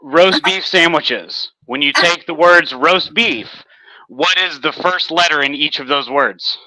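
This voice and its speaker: Bright, upbeat man from Texas. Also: a little high, measured pace, low-quality recording. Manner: laughing, stammering, upbeat. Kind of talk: casual chat on a live stream.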